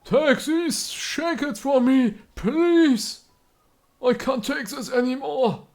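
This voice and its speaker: A man's voice: extremely high pitch, slow pace. An actor playing an entranced man channeling a tormented spirit, with theatrical, anguished pleading.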